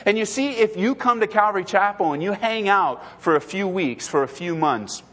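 A male pastor delivers a sermon in a high voice that swings widely in pitch. He hammers his points by repeating them, often stumbling over and restarting his phrases. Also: animated, normal speed, a bit bright. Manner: emphatic, repetitive, stumbling restarts.

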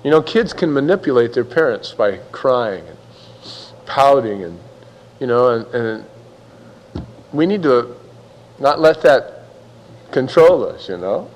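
A man's voice: medium pitch, lively intonation, measured pace, long pauses, big-room sound, rough recording. A man preaching a sermon in a conversational, folksy way, acting out little quotes as he goes. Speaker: pastor.

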